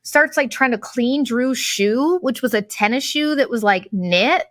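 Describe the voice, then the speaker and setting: A woman's voice: on the high side, unhurried, dry recording, clean studio sound. Chatty woman telling travel stories. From US Midwest. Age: 40s. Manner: chatty, animated, swears freely, acts out quotes. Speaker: host. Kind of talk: casual travel storytelling monologue.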